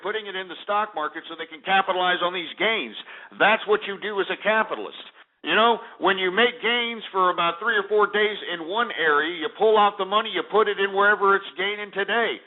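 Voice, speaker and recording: A man's voice: sits high, brisk. A man hosting a radio show, delivering ranting market commentary in a profane, fired-up manner. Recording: tinny phone-like audio.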